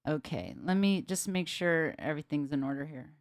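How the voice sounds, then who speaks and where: Excitable woman bassist chatting on stream. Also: normal speed. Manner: excitable, laughing often, mild swearing. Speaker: bassist hosting a livestream. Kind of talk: casual livestream chat with viewers.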